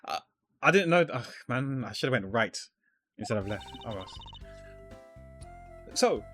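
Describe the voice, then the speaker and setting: A man gives casual let's-play commentary, rambling as he works things out aloud. His voice sits at an ordinary pitch. Faint game music plays behind him. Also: lively intonation, brisk, bright, forceful tone. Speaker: streamer.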